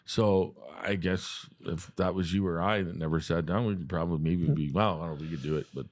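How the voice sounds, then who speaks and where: A man's voice: low-pitched, a little fast, darkish tone. A man, a hockey coach, chatting casually and telling funny stories, often breaking into laughter. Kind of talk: casual chat.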